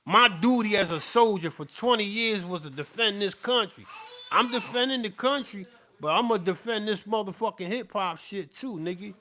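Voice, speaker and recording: A middle-aged man delivers a heated, profane rant straight to camera, circling back to the same points again and again. His voice sits high, with a bright, forceful edge. He sounds worked up and sweating as he keeps pushing on. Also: normal speed. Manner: profane, repetitive, fired-up. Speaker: beatmaker.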